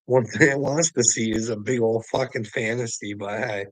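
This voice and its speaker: A man's voice: mid-range voice, fairly even intonation, normal speed, no echo, low-quality recording. A man speaking straight to a viewer, profane and preachy, mocking him and laughing often. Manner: mocking, laughs often, calls listener bud and brother. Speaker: livestream host. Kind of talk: taunting monologue to a viewer.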